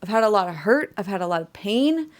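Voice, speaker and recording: A young woman speaks at a middle pitch in a candid, rambling vlog, recorded close to the mic in her bedroom. She talks chattily and keeps circling back with fillers and self-corrections. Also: lively intonation, quick pace. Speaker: vlogger and musician.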